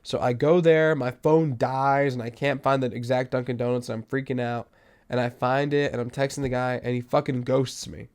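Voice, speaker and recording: A young man hosting a podcast, telling stories in a casual monologue that swings from loud outbursts to low mutters. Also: fairly even intonation, normal speed. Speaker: podcast host.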